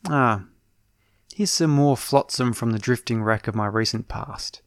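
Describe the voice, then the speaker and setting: A man's voice: mid-range voice, measured pace, dry recording, clean studio sound. A man narrating his own story in a wry, self-deprecating, casual way. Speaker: podcast storyteller. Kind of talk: first-person audio story narration.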